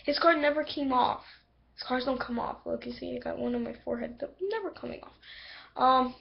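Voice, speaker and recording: A woman giving a casual, rambling episode review on a computer microphone, excitable and full of fillers. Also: high-pitched, brisk, creaky, highs cut off. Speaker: video reviewer.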